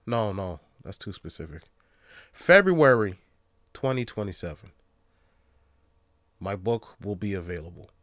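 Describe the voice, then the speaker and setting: A man's voice: low voice, moderate pace, pauses often, a little mellow, no room sound, studio quality. A man hosting a podcast on his own, ranting in a casual, profane, rambling way that often turns heated. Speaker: podcast host. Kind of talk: casual solo podcast rant.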